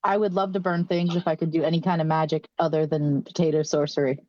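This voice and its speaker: A woman with a lowish voice plays her character in a tabletop game, laughing often and joking at her own expense. The recording is dry and muffled, like a cheap microphone. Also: level tone, fast talker, a little mellow, no room sound. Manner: laughs often, self-mocking. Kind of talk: in-character role-play chat.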